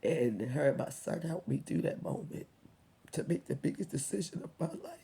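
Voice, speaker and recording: Hushed, gravelly woman fighting back tears. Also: low voice, animated. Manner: soft, halting, often near a whisper, with many pauses and ums. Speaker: vlogger speaking to her subscribers. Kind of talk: emotional personal storytelling.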